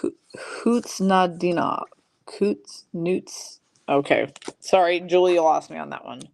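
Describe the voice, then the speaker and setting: Brisk, low-voiced woman calling card pulls. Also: creaky, darkish tone. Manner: brisk listing of names, teasing chat viewers. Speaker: trading card break host. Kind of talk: live-streamed card break, reading out pulls.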